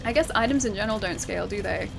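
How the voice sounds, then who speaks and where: A woman's voice: mid-range voice, very fast, vocal fry. A woman with an Australian accent giving chatty live gameplay commentary, laughing often and thanking viewers as she plays. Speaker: game streamer. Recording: steady background noise.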